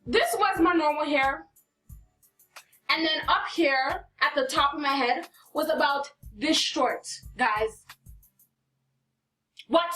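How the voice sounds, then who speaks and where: Bright, high-voiced woman telling a dramatic story. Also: slow pace, long pauses, recorded from a distance, soft background music, low-quality recording. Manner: dramatic, profane, acts out quotes, rhetorical questions. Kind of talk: storytime vlog, animated retelling.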